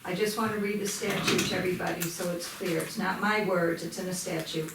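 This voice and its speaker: A woman reading a statute aloud to a school board in a measured, clear way. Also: lowish voice, fairly even intonation, a bit bright, slight background noise. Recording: very echoey room from far off.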